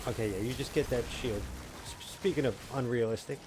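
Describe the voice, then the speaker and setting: A man in his thirties chatting casually and rambling with jokes while he live-streams a game, now and then breaking into loud mocking shouts. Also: mid-range voice, fairly quick, noisy background. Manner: rambling, jokey, shouts in bursts when mocking. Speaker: gaming streamer. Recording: game gunfire audible in background. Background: game gunfire and explosions.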